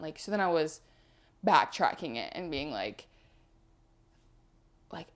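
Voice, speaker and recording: Chatty young woman with a lowish voice. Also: lively intonation, measured pace, long pauses. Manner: chatty storyteller, acts out quotes. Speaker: podcast co-host. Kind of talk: casual chat.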